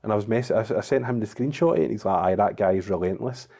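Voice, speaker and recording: Glaswegian man, lower voice, warm dark tone, quick lively storyteller, casual podcast guest. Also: gravelly. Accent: Glaswegian Scottish. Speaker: guest, kitchen wrap business owner.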